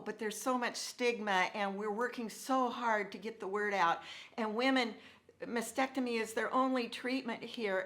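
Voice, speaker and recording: Middle aged woman telling her story, does all the voices in the dialogue, mid pitch. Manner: animated, acts out quoted dialogue. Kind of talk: personal storytelling talk.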